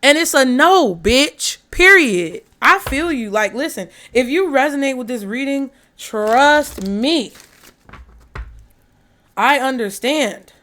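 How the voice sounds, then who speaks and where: A woman tarot reader with a bright, fairly high voice. She talks straight to camera in a blunt, profane and animated way. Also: takes it slowly. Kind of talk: casual tarot reading to camera.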